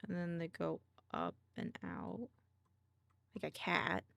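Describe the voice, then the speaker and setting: A woman's voice: on the low side, very animated, slow pace, creaky, fairly bright tone, dry recording. A woman streamer chatting casually while she draws, murmuring half to herself and making little sound effects.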